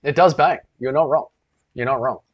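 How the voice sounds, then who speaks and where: A man's voice: medium pitch, normal speed, breathy edge. Swearing man, lo-fi stream. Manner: loose, rambling, swears a lot. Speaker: livestream host. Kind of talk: casual livestream chat reading comments. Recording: dull lo-fi stream audio.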